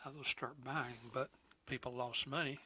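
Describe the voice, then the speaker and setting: A man's voice: medium pitch, steady tone, normal speed, sharp tone, slight background noise. A man in his sixties, the host's father, talking in a folksy, plainspoken way as guest co-host on a casual show. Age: 60s. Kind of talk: casual chat.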